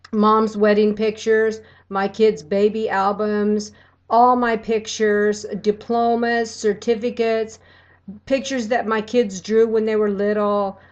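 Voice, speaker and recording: A middle-aged woman from Texas, telling a personal story on her video blog in an emotional, animated way. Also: a little high, dull audio. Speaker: vlogger.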